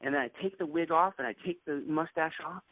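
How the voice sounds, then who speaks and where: A man who owns a clinic, coaching other practitioners in an animated way and acting out what he tells patients. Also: a little high, fast talker. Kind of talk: conversational sales coaching. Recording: dry, tinny call audio.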